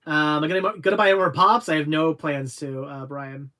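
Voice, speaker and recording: A young adult man with a somewhat higher-than-average voice chats casually through a livestream. He reads viewer questions aloud, then answers in a loose, rambling way, full of restarts and halting pauses. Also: fairly even intonation, sharp tone. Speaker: livestream host answering chat.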